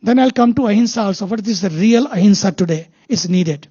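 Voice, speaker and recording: A spiritual teacher with an Indian English accent gives a talk built on anecdotes, repeating key phrases slowly for emphasis. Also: mid-range voice, warm tone, breathy edge, no echo, muffled recording.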